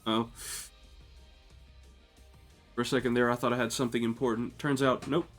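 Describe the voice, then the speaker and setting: A man hosting a relaxed playthrough, reading each character's lines aloud with a light, playful touch. His voice sits at an ordinary middle pitch for a man. Faint game music runs underneath him. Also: moderate pace. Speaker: gaming channel host. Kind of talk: let's play, reading game dialogue aloud.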